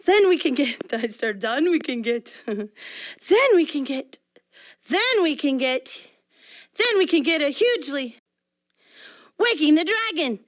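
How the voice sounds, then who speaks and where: A woman's voice: high-pitched, very animated, takes it slowly, long pauses, a bit bright. A woman voice actor recording game dialogue, flubbing her lines, apologizing and giggling at herself. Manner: bubbly, apologetic, giggles at her own flubs.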